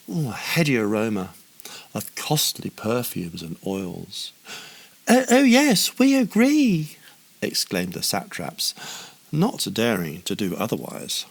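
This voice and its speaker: Slow, gravelly, wry storytelling man. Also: on the low side, fairly bright tone. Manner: playful, wry asides. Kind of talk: humorous storybook narration.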